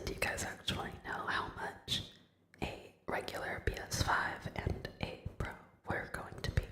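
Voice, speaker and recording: A woman's voice: a bit bright, roomy sound. A woman streamer from Australia, chatting to viewers in a whispered ASMR voice and making joking asides. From Tasmania, Australia. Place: home den.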